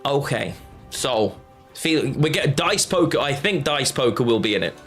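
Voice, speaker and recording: A man's voice: mid-range voice, lively intonation, moderate pace, fairly bright tone, faint music behind. A man chatting casually on a live stream while playing a card game, rambling and answering his chat.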